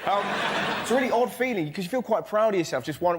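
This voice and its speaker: A man doing panel show stand-up, animated and often shouting in put-on voices. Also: high voice, quick pace. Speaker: comedian. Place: TV studio with live audience. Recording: TV studio with loud audience and noise.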